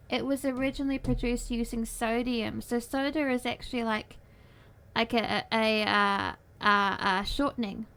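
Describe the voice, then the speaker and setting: A woman's voice: a little high, fairly bright tone. A young woman livestreamer chatting casually with her viewers from her desk at home, playful and giggly, with cutesy baby-talk phrasing. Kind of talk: casual chat with stream viewers.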